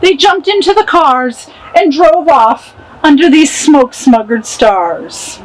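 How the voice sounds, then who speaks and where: A woman reading a rhyming picture book aloud in an expressive way. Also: high voice, slow, low-quality recording. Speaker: storybook reader.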